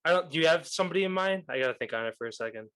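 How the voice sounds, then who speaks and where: A young man with a fairly high voice chats loosely on a sports podcast, joking and breaking into laughter. His talk is relaxed and conversational. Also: rapid-fire, clean tone. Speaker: podcast co-host. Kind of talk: casual sports chat.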